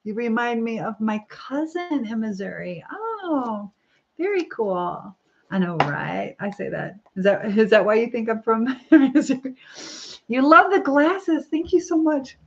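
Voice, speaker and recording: Styling her hair during a casual live stream, a middle-aged woman chats, rambles, and laughs while reading viewer comments. Her voice sits on the high side with big pitch swings and a measured pace, over a noisy background and slightly dull lo-fi sound.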